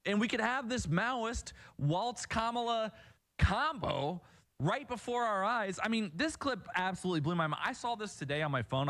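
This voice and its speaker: A man with a somewhat high voice hosts a commentary show, playing clips and reacting. He talks in a sarcastic, mocking, indignant way. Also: fairly bright tone. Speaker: political commentary host.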